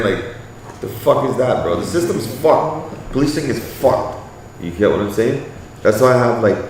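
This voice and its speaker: A man's voice: on the low side, a little hiss or hum. A man talking in a casual chat, blunt and profane, often asking whether the listener gets what he is saying. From Canada. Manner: blunt and profane, repeats "you get what I'm saying". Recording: echoey, far from the mic.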